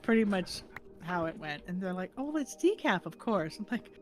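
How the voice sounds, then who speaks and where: This livestream co-host is a middle-aged American woman talking at a moderate pace with big pitch swings. Her casual chat is storytelling in which she acts out the people quoting them, her pitch jumping widely. The recording quality is rough.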